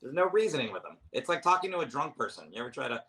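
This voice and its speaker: A man's voice: medium pitch, very animated, racing, very noisy. A man, a comedian guest in a casual chat, talking in a rambling, self-deprecating way with lots of restarts. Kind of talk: casual chat over drinks.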